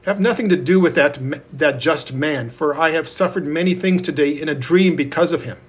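A man's voice: fairly high pitch, brisk, lightly acted. A man reading as a governor's uneasy wife. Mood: urgent. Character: governor's wife, woman, uneasy after a dream.

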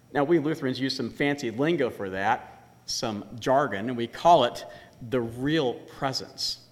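A man preaching a sermon as pastor, animated and emphatic, slowing down to stress key words. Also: on the high side, big-room sound.

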